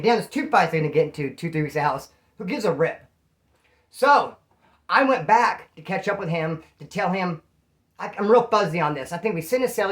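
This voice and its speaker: A man's voice: high-pitched, fairly bright tone. A man and former prisoner telling a casual first-person story, rambling in slang and acting out the dialogue he quotes.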